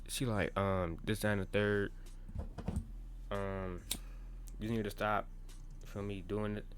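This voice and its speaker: A young man narrates a personal story in a relaxed vlog monologue. His talk is full of slang and swearing, and it runs on in loose bursts with frequent restarts. He keeps checking in with the listener as he goes. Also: lowish voice. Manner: talks in loose run-on bursts with many restarts. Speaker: vlogger.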